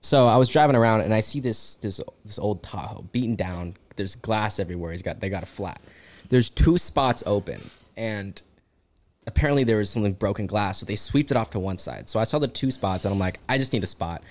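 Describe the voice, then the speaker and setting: A young man telling a story in casual chat, animated and swearing freely. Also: lowish voice, fairly quick.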